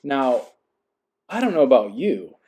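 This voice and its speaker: A man's voice: on the high side, lively intonation, measured pace, a little mellow. A man hosting a podcast, reading a passage aloud and then musing earnestly, often checking in with the listener. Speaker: podcast host. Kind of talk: reading aloud and reflective monologue.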